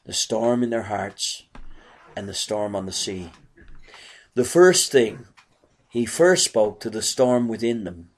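A man's voice: fairly low pitch, slow pace, pauses often. Earnest male preacher delivering a sermon. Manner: earnest preaching with many rhetorical questions.

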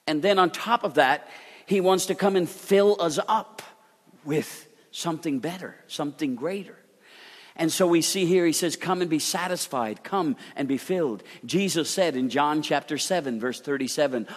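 A man preaching a sermon with emphasis, dropping to soft, slow phrases and then rising loud again. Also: a little high, long reverb tail. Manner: emphatic, swings between soft drawn-out lines and loud ones.

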